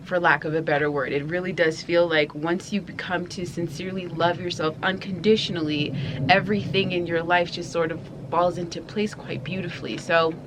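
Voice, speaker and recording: A woman's voice: lowish voice, background noise. A young woman from New York vlogging outdoors, chatting candidly to camera with frequent laughs. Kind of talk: casual talk to camera. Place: outdoors near horses and dogs.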